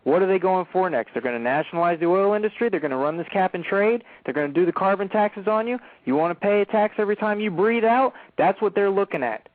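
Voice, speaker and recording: A man's voice: sits high, expressive, fast talker, hardly any pauses, dry recording. A man hosting a talk radio show, speaking emphatically and preaching straight to listeners. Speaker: radio host. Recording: narrow phone-like sound.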